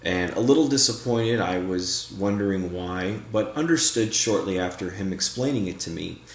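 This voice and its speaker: Man, very low voice, slow deliberate delivery, paranormal vlog narration, roomy echoey sound. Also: lively intonation. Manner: slow, deliberate, addressing unseen guides. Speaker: paranormal investigator. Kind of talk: vlog narration and spirit session. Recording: echoey room.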